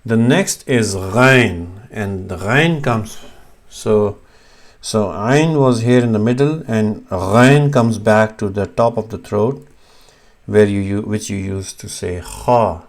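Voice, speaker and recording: A man's voice: lowish voice, slow pace. A man teaching Arabic letter sounds, patiently demonstrating each one and correcting himself as he goes. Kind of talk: slow instructional explanation.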